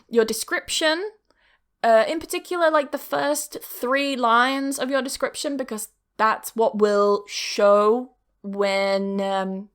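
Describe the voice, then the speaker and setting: A woman's voice: on the high side, clean tone. A woman hosting her own podcast, talking candidly and casually as an online English teacher, with the odd swear word and plenty of "like". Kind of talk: casual solo podcast talk. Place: home setup filmed on camera.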